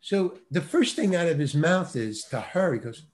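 Lively, higher-voiced older man telling a story. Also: moderate pace. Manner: acts out quoted voices, laughs often. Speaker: actor guest. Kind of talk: animated storytelling.

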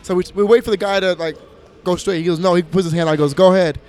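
A man's voice: high voice, racing. A man from Minneapolis, a DJ and producer, chatting as an interview guest, telling stories with lots of swearing and laughter. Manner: animated storyteller, swears freely, laughs often. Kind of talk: casual interview chat.

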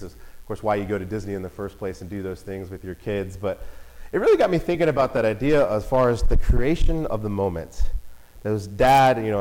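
A father telling a family story in a casual, animated way. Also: mid-range voice, rough recording. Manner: animated, acts out voices and shouts in quotes.

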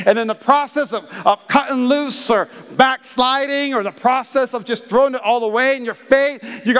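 High-voiced pastor preaching in a reverberant church hall. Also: male voice, a little fast, clean tone. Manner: animated, conversational preaching with acted asides. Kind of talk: sermon.

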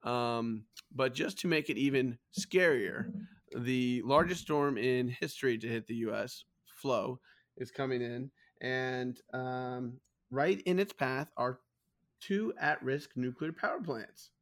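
A man's voice: medium pitch, slow pace. Man hosting a comedy podcast. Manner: comic storytelling, laughing at his own punchlines. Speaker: podcast host. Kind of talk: casual chat, reading news stories.

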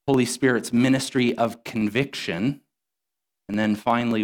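A man preaching and reading scripture to his congregation, his voice stuffy from a cold. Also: fairly low pitch. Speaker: pastor.

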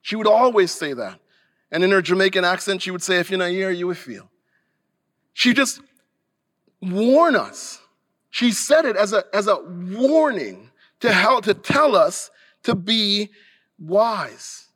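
A man's voice: high voice, animated, slow pace, a bit bright. A male pastor preaching a sermon earnestly and emphatically, sometimes restarting a phrase.

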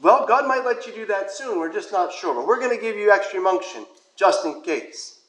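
A male priest preaches in a relaxed, storytelling way, sometimes dropping to a soft whisper. His voice sits high for a man. The sound is roomy, as if from inside a church. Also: moderate pace. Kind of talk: sermon with personal anecdote.

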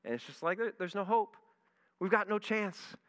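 A man, a pastor, telling a lively story in a sermon and acting out his own reactions. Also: sits high, moderate pace. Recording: long reverb in a large hall.

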